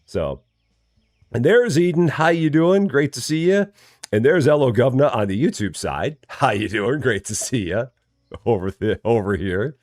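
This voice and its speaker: A man's voice: medium pitch, animated, moderate pace, a little mellow, dry recording, clean studio sound. A man casually commenting as he plays a farming game on a live stream, chatty and friendly, greeting viewers by name and often repeating his words. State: still waking up, early morning.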